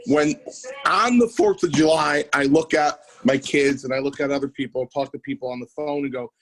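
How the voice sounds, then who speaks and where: A man's voice: mid-range voice, normal speed, slight background noise, low-quality recording. A man telling wrestling stories in casual podcast chat, acting out the people he quotes. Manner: animated storyteller, acts out quotes. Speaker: wrestling promoter and former wrestler.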